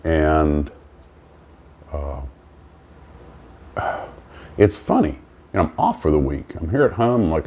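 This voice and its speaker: A man's voice: very deep voice, big pitch swings, slow, pauses often, a little mellow. A man hosting a casual morning vlog about model building, who rambles with many fillers and restarts. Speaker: model-building channel host.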